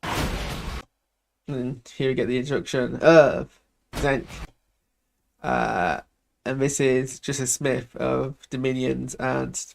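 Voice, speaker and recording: A man's voice: medium pitch, steady tone, slow pace, creaky, pauses often, a little hiss or hum. A man hosting a casual live reaction to a film trailer, rambling and hesitant with self-deprecating asides.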